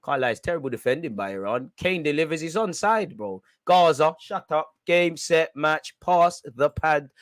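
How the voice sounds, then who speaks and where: Excitable young man, football reactions. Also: fairly high pitch, moderate pace, hardly any pauses, no room sound. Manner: excitable, shouty and slangy, chanting and yelling at the referee. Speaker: football watch-along host. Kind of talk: live football reaction commentary.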